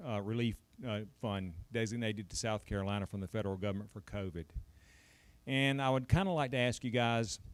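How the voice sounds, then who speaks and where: A man with a fairly low voice puts his questions to a panel at a town hall meeting. He hesitates and restarts often before settling into his point, and the sound is dry with no room echo. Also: smooth. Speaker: audience member asking questions.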